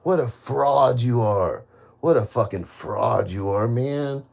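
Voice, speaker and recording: A man's voice: mid-range voice, slow pace, vocal fry, a little mellow. A man on a live stream, ranting at people he blames, repeating his accusations, swearing heavily and rambling with many restarts. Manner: bitter, accusing, repeats himself. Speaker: livestreamer. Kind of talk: live stream rant to viewers.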